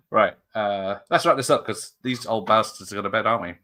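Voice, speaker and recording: A man's voice: on the low side, bright, forceful tone. A man hosting a casual film watch-party stream, joking, laughing often and swearing freely. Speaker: stream host.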